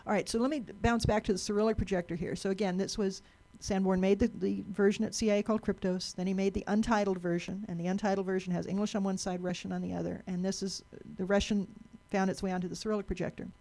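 A woman's voice: medium pitch, steady tone, quick pace, few pauses, mellow. A woman giving a talk to a live audience, chatty, asking the room questions and often repeating and restarting words.

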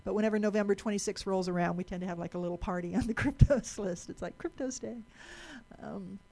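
A woman lectures a room in a mid-range voice roughened by vocal fry. She talks in a chatty way, often repeating and restarting words as she goes. She stops to put questions to the audience. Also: mid-range voice, quick pace, dark tone. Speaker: speaker giving a talk.

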